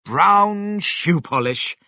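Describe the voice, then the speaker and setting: A man voicing an excitable father who cries out his lines eagerly. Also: mid-range voice, takes it slowly, no echo, clean studio sound, pitched above the performer's own voice, exaggerated voice. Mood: excited.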